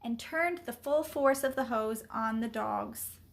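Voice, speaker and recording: A woman reading a children's book aloud, expressive and deliberate. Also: a little high, gravelly. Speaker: story reader.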